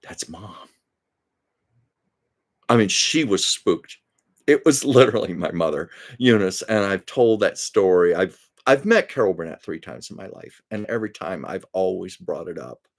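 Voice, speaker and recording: A man's voice: deep voice, animated, normal speed. A man hosting a casual live stream, telling stories in a chatty way, laughing often and drifting into asides. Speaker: host. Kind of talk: casual storytelling chat.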